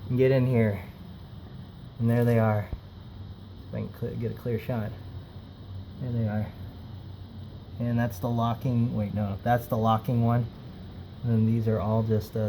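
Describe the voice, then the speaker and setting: A man's voice: mid-range voice, dark tone, a little hiss or hum. Rambling man narrating a car job. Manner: rambling, with frequent fillers and self-corrections. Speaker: car hobbyist filming his own work. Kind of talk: casual how-to narration.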